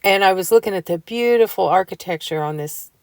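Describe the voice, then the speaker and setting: A woman's voice: mid-range voice, a little fast, dry recording. A woman chatting casually to viewers about decorating her home, telling homey stories and laughing often.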